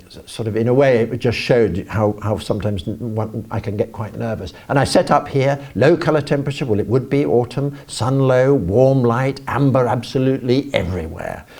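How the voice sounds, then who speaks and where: An older English man speaking at a conference, animated and self-deprecating, rambling with restarts. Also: mid-range voice. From England. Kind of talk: live talk to an audience. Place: conference auditorium.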